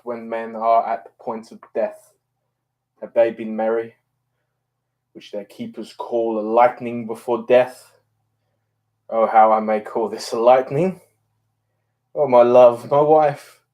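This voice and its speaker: A man's voice: mid-range voice, dark tone, lightly acted. A man reading the part of Romeo, a grief-stricken young lover, in an impassioned, declamatory way. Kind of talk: dramatic reading of a play.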